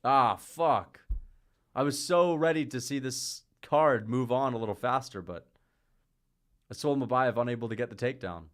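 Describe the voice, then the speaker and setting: A man in a casual livestream, part chat and part fight commentary, with a voice sitting at an everyday middle pitch. He wanders through tangents and laughs through his sentences. He turns loud and excited at big moments. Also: normal speed. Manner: rambling, jumps between topics; laughs often mid-sentence. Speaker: livestream host.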